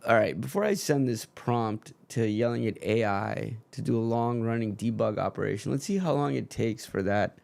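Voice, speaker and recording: A man's voice: fairly low pitch, moderate pace, gravelly, few pauses, a little mellow. A man streaming live, chatting casually about football with his viewers while he codes. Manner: rambling, talks to chat while coding.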